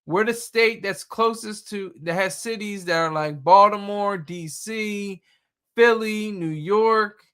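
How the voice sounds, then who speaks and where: A man's voice: high voice, slow, fairly bright tone, clean tone. A young man from Delaware chatting casually on a livestream, joking, laughing often and rambling. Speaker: livestream host. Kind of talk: casual live chat.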